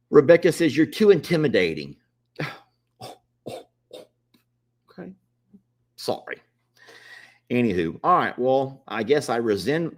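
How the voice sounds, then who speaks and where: A man casually hosting a livestream, chatting and pleading with viewers to join. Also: medium pitch. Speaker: livestream host.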